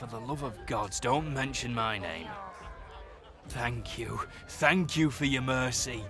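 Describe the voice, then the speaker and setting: A man's voice: mid-range voice, slow, over music. An actor playing a sly male con-man who wheedles and plays for sympathy in a video game. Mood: wheedling. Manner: wheedling, theatrical.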